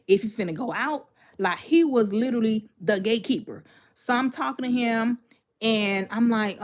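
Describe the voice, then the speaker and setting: Woman telling an animated story. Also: a little high. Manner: animated, repetitive, emphatic retelling with asides to viewers. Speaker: storyteller vlogger. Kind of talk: casual storytime chat.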